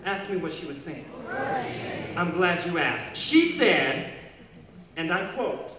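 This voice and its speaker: A middle-aged man giving a playful, humorous speech to a school audience, rising high when he stresses a point. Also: very animated, slow pace, crowd noise. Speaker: speaker addressing students. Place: large hall or gym. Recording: echoey hall from far off with room noise.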